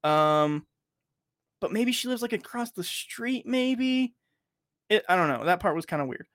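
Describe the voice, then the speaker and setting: A rambling, profane male podcast host, his voice slightly higher than most men's. He is recorded close and dry, with no room sound. He talks in loose, filler-packed sentences. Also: lively intonation, unhurried, fairly bright tone, dry recording. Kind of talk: casual chat.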